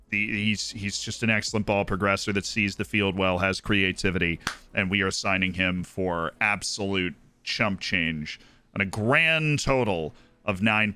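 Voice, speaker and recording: Bright-voiced American man hosting. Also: on the low side, clear, resonant tone. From United States. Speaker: streamer host. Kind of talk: casual chat while playing a football manager game.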